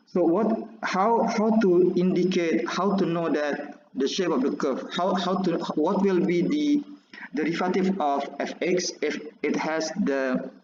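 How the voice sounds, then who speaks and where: A man teaching calculus while drawing graphs, halting and restarting often as he explains. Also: a little high, darkish tone, slight background noise. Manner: halting, many restarts and fillers. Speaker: math teacher. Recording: echoey, dull lo-fi recording.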